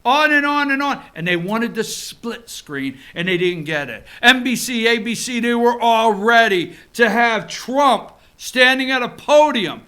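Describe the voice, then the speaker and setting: A man's voice: extremely high pitch, expressive, measured pace, hardly any pauses, bright, forceful tone, clear, resonant tone. A man hosting an opinion show, ranting brashly in political commentary from an office and mimicking other voices. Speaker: talk show host.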